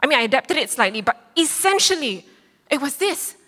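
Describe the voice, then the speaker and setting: A woman in her thirties preaching, telling a personal story with lively acted-out quotes. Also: high voice, brisk. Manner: animated storytelling, acts out quotes. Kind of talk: sermon testimony. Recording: long hall reverb.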